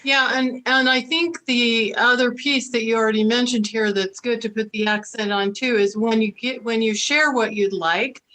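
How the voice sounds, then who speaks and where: A woman's voice: fairly high pitch, moderate pace, hardly any pauses, pushed and bright, poor audio. A woman hosting an interview, affirming her guest and summing up his points in a casual way. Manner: affirming, summarizing. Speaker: interview host.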